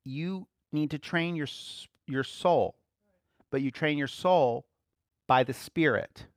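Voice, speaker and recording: Relaxed, chuckling man preaching. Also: on the high side, slow, no echo, studio quality. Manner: relaxed, chuckles often, repeats key phrases. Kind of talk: conversational teaching.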